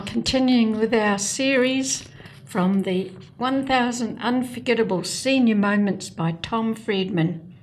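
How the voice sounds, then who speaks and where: A woman, hosting a radio program and reading magazine items aloud in a clear, measured way with light humor. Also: medium pitch. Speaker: radio program host and reader.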